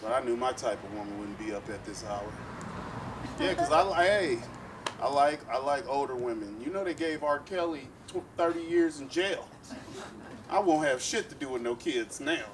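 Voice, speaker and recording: A man's voice: medium pitch, lively intonation, normal speed, noisy background. A man from East Oakland doing a profane stand-up comedy set with playful asides. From East Oakland, California. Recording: live club set, distant mic, loud crowd.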